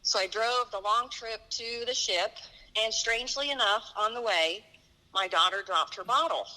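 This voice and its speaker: A woman's voice: a little high, moderate pace, pushed and bright, poor audio. A middle-aged woman earnestly recounting a personal story, acting out the dialogue. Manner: earnest, vivid retelling with quoted dialogue. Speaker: guest telling her story.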